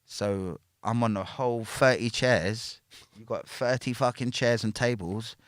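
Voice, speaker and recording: A man's voice: medium pitch, a little slow, dry recording, studio quality. A man, a podcast guest telling a story in casual talk, packed with slang and tags like "yeah?" and "innit". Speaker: podcast guest, former prisoner.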